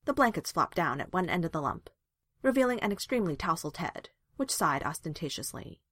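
A woman narrating a story aloud in a calm, even reading voice. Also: low voice, fairly quick, no room sound. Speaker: reader.

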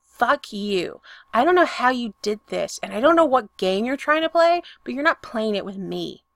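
A woman playing a bitter, stubborn young guy, curt lines, slight gravel; read close to her own voice. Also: a little high, very animated, normal speed, no echo. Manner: stiff, curt, resentful.

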